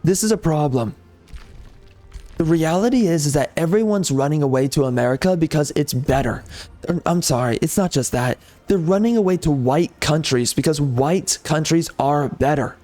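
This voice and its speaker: A man's voice: a little high, normal speed, mellow. A man making a gaming video, giving heated, repetitive, exasperated commentary over gameplay.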